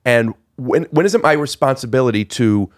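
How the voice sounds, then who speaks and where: A podcast host, a man, who thinks out loud and stops to restart his sentences as he works toward a point. His voice is mid-pitched and very lively, rising and falling a lot as he asks probing questions. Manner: reflective, searching, halting restarts, probing questions. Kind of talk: casual podcast chat.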